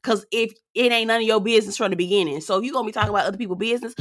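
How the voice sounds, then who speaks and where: A woman's voice: mid-range voice, rapid-fire, few pauses, faint music behind. A woman giving casual commentary on a reality TV show, sassy and outspoken, talking straight to her viewers. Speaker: reality TV reviewer.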